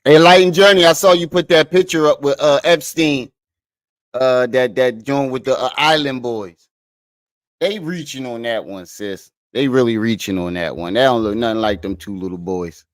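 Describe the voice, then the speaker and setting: Speaking at normal speed in a mid-range voice without echo, a livestream host chats casually with viewers from his living room. He is profane and laid-back, cursing freely and laughing at himself while going through comments.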